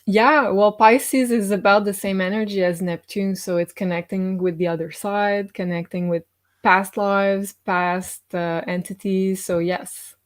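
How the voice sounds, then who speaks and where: A woman explains astrology in a matter-of-fact way, keeping her answers short. Her pitch sits in the middle range. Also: fairly even intonation, a little slow.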